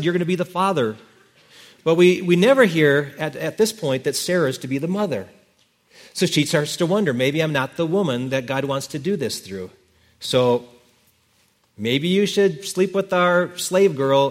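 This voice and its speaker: A man preaching a sermon as pastor, telling the story in a lively way and correcting himself as he goes. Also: a little high.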